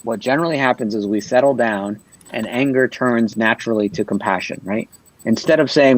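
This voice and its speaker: A man's voice: mid-range voice, normal speed, low-quality recording. A man talking earnestly on a livestream panel, explaining his ideas and often checking in with "right?".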